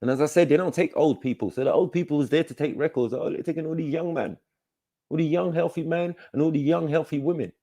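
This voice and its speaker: Laid-back man, mellow voice. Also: a little high, fast talker. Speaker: livestream host. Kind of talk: casual livestream talk.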